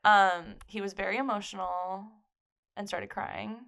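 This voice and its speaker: A young woman with a gravelly, creaky edge retells a story in a casual podcast chat. Her voice sits in a middle pitch range, and she scatters "like" through her sentences as she narrates. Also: steady tone, a little slow, a bit bright. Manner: storytelling with frequent "like" fillers. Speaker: podcast co-host.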